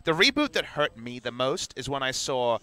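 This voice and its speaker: A man's voice: medium pitch, very animated, pushed and bright. A young man doing color commentary for an esports match, chatty and playful. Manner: chatty, playful, quick with jokes. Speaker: esports caster.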